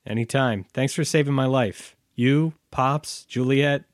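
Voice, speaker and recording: A man's voice: mid-range voice, measured pace, dry recording, clean studio sound. A man speaking in character as a player in a tabletop role-playing game, casual and folksy.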